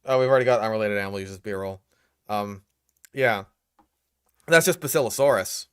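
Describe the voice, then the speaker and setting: A man's voice: lowish voice, normal speed, a bit bright, clear, resonant tone, no room sound, studio quality. A young man hosting a reaction commentary, exasperated and profane, picking apart what he hears. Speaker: host reacting to a video.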